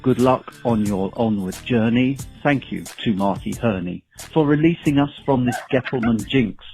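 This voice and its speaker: A man with an English accent calling into a show to recite a comic rhyming farewell poem in a measured, mock-solemn way. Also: medium pitch, darkish tone, faint music behind, poor audio. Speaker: caller.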